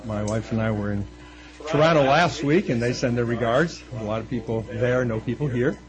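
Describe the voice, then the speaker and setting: A middle-aged man preaching a sermon, animated and playful, lifting his voice high to act out quoted speech. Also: moderate pace, music in the background, low-quality recording. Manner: animated, acting out quoted voices with rising pitch. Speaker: pastor.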